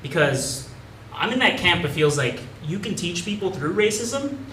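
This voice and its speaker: A man's voice: sits high, sing-song, moderate pace, pushed and bright, recorded from a distance. Young man doing stand-up in an echoey club. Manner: casual, rambling, self-mocking delivery. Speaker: stand-up comedian. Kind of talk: stand-up comedy set. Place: comedy club stage. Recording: echoey club room from afar, audience noise. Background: audience laughter.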